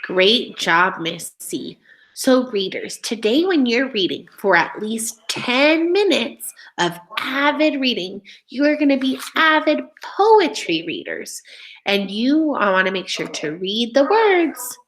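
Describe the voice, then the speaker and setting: Slow, lively-voiced woman teacher. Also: a little high. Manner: slow, expressive, sing-song reading aloud. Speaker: reading teacher. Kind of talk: online reading lesson for young children.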